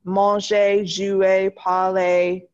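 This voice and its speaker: A woman teaching a French class online, encouraging her students and slowing down to model the French words. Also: medium pitch, level tone, muffled recording. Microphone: video call.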